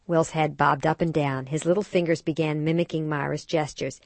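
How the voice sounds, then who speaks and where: A woman co-hosting a parenting show, reading a scripted story with expressive storytelling. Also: low-pitched, normal speed, hardly any pauses, no echo. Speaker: radio show co-host. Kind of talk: scripted narration.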